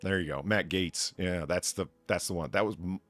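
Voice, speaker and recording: A man's voice: low voice, moderate pace, a bit bright, no echo, soft background music. A man hosting a livestream, talking casually, rambling and swearing freely. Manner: profane, rambling with restarts. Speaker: livestream host.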